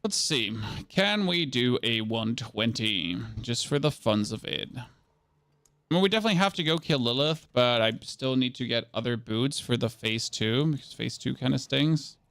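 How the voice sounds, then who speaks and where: A man's voice: medium pitch, expressive, moderate pace, fairly bright tone, no room sound. A man from Germany with a German accent, chatting sarcastically to his stream chat while playing a game. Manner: sarcastic, rambling, talking to chat. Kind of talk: casual live-stream chat while gaming.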